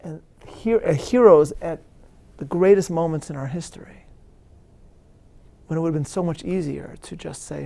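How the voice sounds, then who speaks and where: This man is a rabbi fielding questions during a live interview. He speaks like a lecturer, earnest and measured, leaning hard on certain words and frequently starting sentences over. His voice sits on the high side, gravelly and dark in tone.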